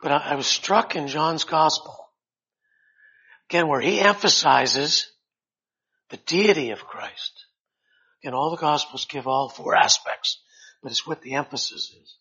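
A male preacher with a bright, husky voice delivers a Bible study sermon. His delivery swings from quiet, halting asides to loud, high-pitched quoting of scripture. The recording has a dull, lo-fi sound.

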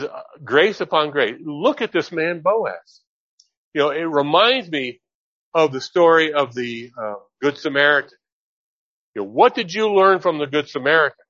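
A male preacher teaching from scripture in a sermon. He reads the passages in a slow, measured way, then speeds up and climbs in pitch as his fervor builds. The sound is dry and a little dull. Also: a bit bright, no room sound.

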